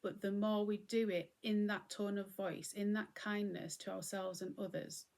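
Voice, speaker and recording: Lady talking gently about mindfulness, bit of fry in her voice, chatty and reflective. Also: mid-range voice, level tone, normal speed. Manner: gentle, conversational, often acting out what she would say. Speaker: host.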